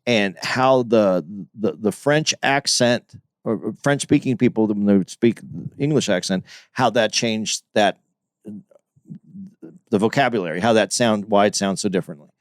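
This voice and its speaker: A man's voice: on the low side, unhurried, dry recording, clean studio sound. A man co-hosting a podcast in casual discussion, explaining his point at length and restarting sentences as he thinks it through. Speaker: podcast co-host.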